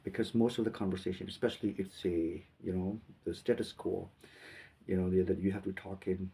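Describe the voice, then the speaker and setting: A man from Pakistan, giving halting commentary on a video and repeating words as he thinks. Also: low-pitched, steady tone, creaky, mellow, slightly rough, distant mic.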